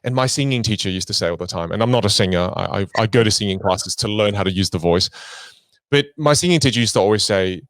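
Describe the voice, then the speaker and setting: A man guest on an interview podcast, a voice coach who talks expressively and swings his pitch and volume to make his points. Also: fast, fairly bright tone, dry recording. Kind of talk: animated conversational interview.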